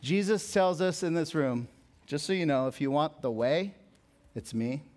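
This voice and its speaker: A young man preaching a sermon as a pastor, conversational and jokey, telling stories, then dropping soft for emphasis. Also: a little high, expressive, normal speed. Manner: conversational, jokey storytelling with sudden soft drops.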